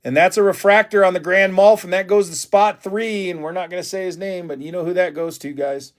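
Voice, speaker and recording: A man hosting a live trading card break, talking excitedly and casually to his viewers. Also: high-pitched, fairly quick. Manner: excitable, hyped, chatty with viewers.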